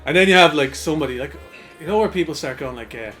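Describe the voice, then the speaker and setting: An Irish man rambles through a casual podcast story, slightly high in pitch, leaning on lots of fillers and curses. Faint guitar music plays under his voice. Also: fast, a bit bright. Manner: rambling anecdotes full of fillers and swearing, bursts of laughter. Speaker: podcast co-host.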